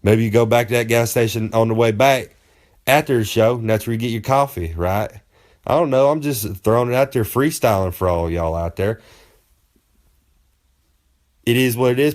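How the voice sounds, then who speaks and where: A man's voice: medium pitch, darkish tone. A pro wrestler man giving road tips in a comedic in-character monologue, boastful and rambling in folksy slang.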